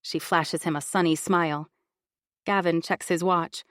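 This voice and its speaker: A woman reading a first-person audiobook thriller in an expressive, confiding inner-monologue style. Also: lowish voice, measured pace, no echo, studio quality. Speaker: audiobook narrator.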